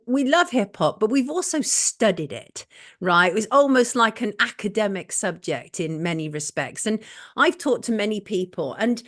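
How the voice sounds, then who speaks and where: A woman's voice: medium pitch, lively intonation, moderate pace, a bit bright. Outspoken English woman host. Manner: candid, opinionated, conversational. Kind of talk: casual chat.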